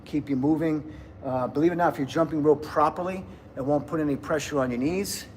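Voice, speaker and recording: 50s guy rambling on a live stream in a gym, lots of clatter behind, kinda high voice. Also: fairly quick, darkish tone, slight background noise. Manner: rambling, laughs often, greets chat viewers. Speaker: livestreamer. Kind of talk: casual livestream chat.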